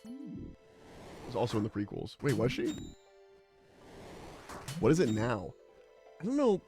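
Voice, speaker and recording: A man's voice: medium pitch, huge pitch swings, measured pace, over music. A young adult man streaming, chatting casually in a rambling, exasperated, profane way. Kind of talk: casual livestream chat.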